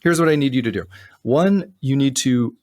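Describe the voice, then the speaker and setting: A man's voice: mid-range voice, moderate pace, darkish tone. A man co-hosting a casual relationship advice podcast, earnest and emphatic, his voice climbing when he stresses a point. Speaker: co-host.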